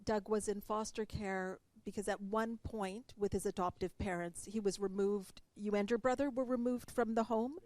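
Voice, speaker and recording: A woman's voice: medium pitch, steady tone, normal speed, hardly any pauses, a little mellow, dry recording. A woman interviewing an author about his book, giving context and asking questions with playful asides. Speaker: interviewer and coach. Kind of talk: interview conversation.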